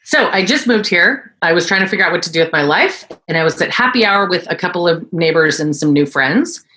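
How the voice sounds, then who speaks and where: Woman, low pitch, forties, casual interview storytelling, animated, mimics voices of others. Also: fairly quick. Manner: animated, acts out quoted voices in a high pitch. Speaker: guest, esthetician and entrepreneur.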